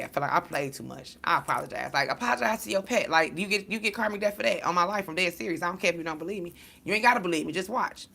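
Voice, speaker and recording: Blunt, bright-voiced woman telling stories. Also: fairly low pitch, creaky. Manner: blunt, emotional, animated storytelling with swearing. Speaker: spiritual reader. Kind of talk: casual spiritual talk.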